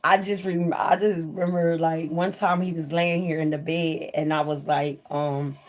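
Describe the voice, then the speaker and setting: With a low voice and flat delivery at a moderate pace, this woman hosts a laid-back livestream chat. Candid and freely profane, she reads out comments from her viewers.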